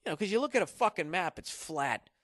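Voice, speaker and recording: A man's voice: high voice, animated, quick pace, a bit bright, no echo, studio quality. A man from Massachusetts hosting a solo podcast, rambling in a profane, sarcastic way. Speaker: podcast host.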